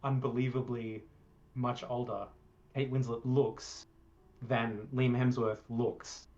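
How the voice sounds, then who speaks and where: A man's voice: medium pitch, level tone, slow pace, darkish tone, dull audio. A young Australian man co-hosting a casual film review show, rambling and laughing at his own jokes. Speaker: podcast co-host.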